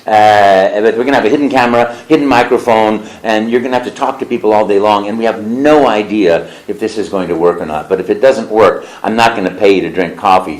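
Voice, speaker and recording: A man being interviewed as a voice actor, telling stories in an animated way and slipping into character voices. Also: lowish voice, a little fast, hardly any pauses, echoey room, rough recording. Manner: lively storyteller who slips into character voices. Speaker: voice actor guest. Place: convention interview room.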